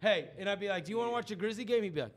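A high-voiced sports radio host talks in a rapid-fire way, animatedly telling a story during casual studio banter. He acts out the quotes, and a studio microphone captures him.

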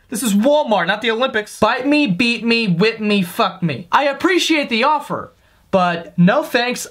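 A man's voice: high voice, fairly bright tone. A young man giving a sarcastic, profane, incredulous comedic rant over video clips. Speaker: comedy commentator. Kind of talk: ranting comedic commentary.

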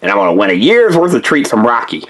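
A man voicing a hungry, slow-witted male bulldog pup in a toy play-along story, with a husky, rambling drawl. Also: medium pitch, huge pitch swings, a bit bright, pitched below the performer's own voice, rough recording.

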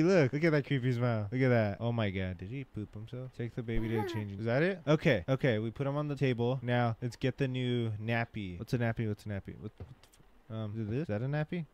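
Male let's-play host, mid-pitched, excitable and jokey, noisy room with mouse clicks. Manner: excitable, jokey, swears, talks to the game baby. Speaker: gaming channel host. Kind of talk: casual let's-play commentary.

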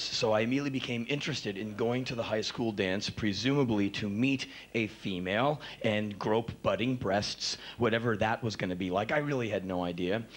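A middle-aged man telling stories live on stage, animated and acting out the people in them, building to excited outbursts. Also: fairly low pitch. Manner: animated, acts out voices, builds to excited shouts. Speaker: spoken word performer. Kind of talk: live spoken word storytelling. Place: live stage before an audience. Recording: live concert recording with faint crowd noise.

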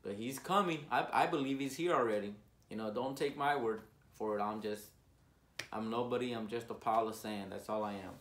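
A man preaching an informal sermon, earnest and repetitive, with his voice rising loud on key words. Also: lowish voice, fairly quick, roomy sound.

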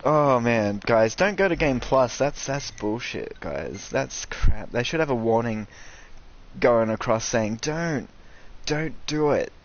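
A young man doing casual, sweary commentary over a video game, ranting and excitable. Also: mid-range voice, unhurried, dull audio. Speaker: gaming streamer.

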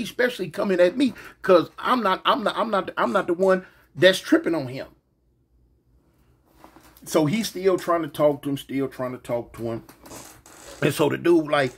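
A man casually telling a personal story to his viewers, animated and full of slang, often asking "you know what I'm saying". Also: high voice, normal speed, breathy edge.

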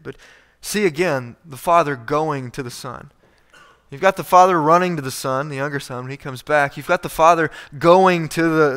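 A man's voice: fairly high pitch, a bit bright. A male pastor preaching a conversational sermon, reading scripture and acting out the quoted speakers, with frequent restarts.

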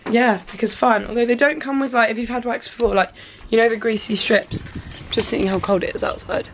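A woman's voice: fairly high pitch, steady tone, brisk, slight background noise. A young woman, vlogging in a chatty, rambling and nervous way to her phone camera. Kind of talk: casual chat to camera.

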